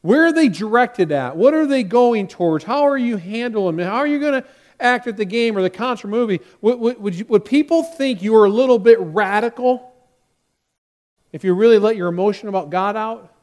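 A man's voice: high-pitched, lively intonation, a little fast, darkish tone. A man preaching a sermon as pastor, talking directly to his congregation and acting out quotes with rising force.

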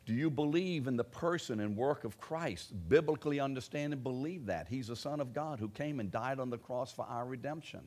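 A male preacher delivering a sermon in an emphatic way. He pushes key phrases out loudly and then drops low and quiet as he drives each point home. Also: a little fast, few pauses. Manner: emphatic, rising to loud stresses then dropping low.

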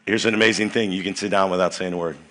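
A young man preaches at a youth rally with a bright, forceful tone that sits a bit low in pitch. He is energetic and playful, leading the crowd in chants, and his voice sounds a little worn. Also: very fast. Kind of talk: sermon with crowd call-and-response.

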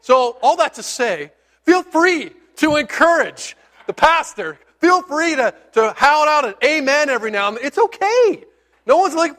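A man's voice: lively intonation, moderate pace. A male pastor preaching a sermon in a church, talking loosely and with rising enthusiasm. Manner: loose, rambling and enthusiastic, grows louder and higher when fired up. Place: church sanctuary.

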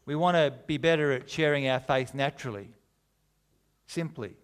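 This middle-aged pastor has a smooth, medium-pitched voice and keeps a moderate pace. His sermon is conversational and full of jokes, yet he hammers home his points with emphasis.

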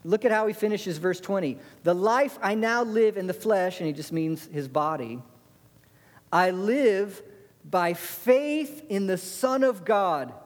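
A man preaching a sermon, animated, asking the congregation rhetorical questions and answering them. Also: high voice, unhurried, in a large hall.

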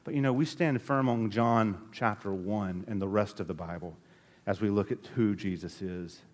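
A man preaching a sermon as pastor, emphatic, with sharp rises and drops in his delivery. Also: on the low side, moderate pace, big-room sound.

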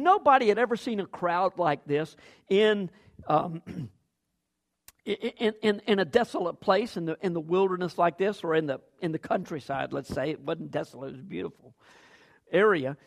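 A man's voice: high voice, lively intonation, moderate pace. A man preaching a sermon as pastor, acting out quoted lines with big jumps in his voice.

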